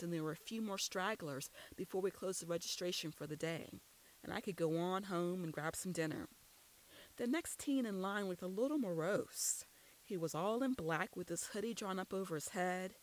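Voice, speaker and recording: Woman narrating a first-person story; steady, scripted read. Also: on the low side, low-quality recording. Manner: steady storytelling with quoted dialogue.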